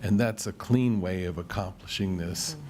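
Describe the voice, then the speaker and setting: A man on a committee explaining draft wording, reading it out slowly and stammering through restarts. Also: deep voice, a little mellow, a little hiss or hum. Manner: halting, reads wording slowly. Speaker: committee member. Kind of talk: formal meeting discussion.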